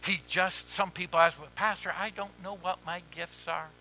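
A man preaching a sermon as pastor, who drops to hushed near-whispers and rises to loud pleading. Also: high-pitched, fairly even intonation, normal speed, slight background noise, low-quality recording.

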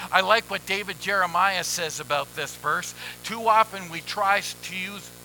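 A man preaching a sermon as pastor, measured and emphatic with deliberate pauses. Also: high-pitched, bright, forceful tone, poor audio.

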